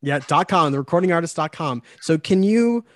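A man's voice: fairly high pitch, animated, fairly quick. Chatty New York-accented man host. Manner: chatty, rambling with many fillers. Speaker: podcast host. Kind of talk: casual interview chat.

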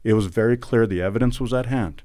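A middle-aged man from Alberta, Canada, speaks as an interview guest in a fairly low, warm and mellow voice. He talks earnestly and with indignation, leaning hard on the points he makes. The recording is dry and close. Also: quick pace, no echo. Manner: earnest and indignant, emphatic recounting. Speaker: podcast guest. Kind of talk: conversational interview storytelling.

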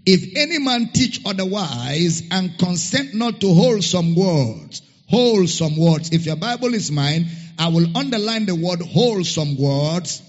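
A man preaching a sermon, reading scripture slowly and emphatically and repeating key phrases. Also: sits high. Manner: spells out a Greek word letter by letter. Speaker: pastor. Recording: muffled sound with long hall reverb.

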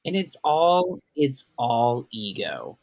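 A podcast co-host in casual chat, animated and swearing, with big reactions. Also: mid-range voice, takes it slowly, creaky, husky, no room sound.

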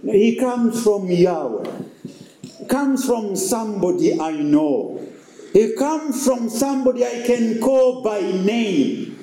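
Male preacher, high and mellow, echoey room with faint ambience. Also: expressive, slow pace. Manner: emphatic, repetitive preaching with rhetorical questions. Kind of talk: sermon.

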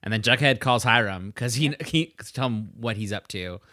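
A woman's voice: extremely low pitch, normal speed, a bit bright, dry recording, studio quality. A woman co-hosting a podcast, chatting casually and profanely as she recaps a TV episode and acts out the characters' lines. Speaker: podcast co-host.

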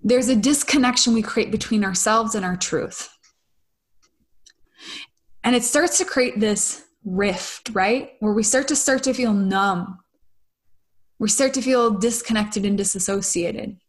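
A woman's voice: medium pitch, a little slow. A young woman sharing a personal story with her audience in a confessional, casual way, swearing freely and often asking "right?". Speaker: spiritual vlogger.

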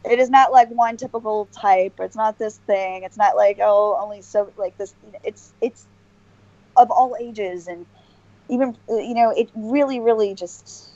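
A woman's voice: medium pitch, measured pace, warm tone, no echo. Brief: woman interview guest, earnest and rambling, dry close sound, slightly muffled recording. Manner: earnest, rambling, many restarts and fillers. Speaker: podcast guest. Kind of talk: casual interview chat.

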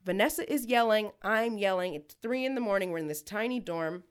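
A young woman co-hosts a casual podcast. She tells her stories in an animated, profane way and throws herself into acting out quoted lines. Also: mid-range voice, fairly quick, smooth. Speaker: podcast co-host. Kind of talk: casual storytelling chat.

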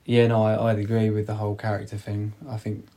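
A man talking casually about a film, rambling and halting with many restarts. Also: fairly low pitch, completely flat delivery, mellow.

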